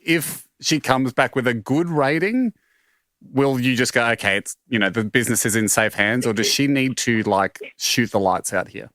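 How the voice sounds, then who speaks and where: An Australian man co-hosting a comedy podcast, joking with quick asides. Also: medium pitch, fairly bright tone, no room sound, studio quality. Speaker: podcast co-host. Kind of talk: casual comedy chat.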